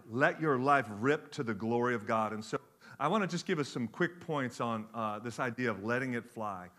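Bright-voiced preacher, lively storytelling. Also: male voice, medium pitch, normal speed. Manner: animated storytelling with jokes, varied pace. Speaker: pastor. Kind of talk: sermon.

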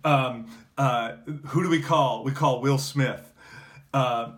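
A pastor preaches an earnest sermon at a slow pace in a medium-pitched voice. Full of fillers and restarts, he builds to emphatic peaks before dropping to a quiet close.

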